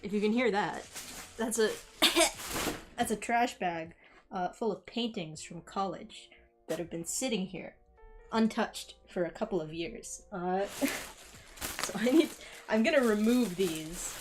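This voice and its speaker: A young woman chats casually as she cleans her bedroom, her talk loose and rambling. She keeps poking fun at herself and laughing between thoughts, at an ordinary mid pitch. Quiet background music plays beneath her. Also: slow pace. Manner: rambling and self-mocking, laughs often. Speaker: streamer. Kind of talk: casual chat while cleaning.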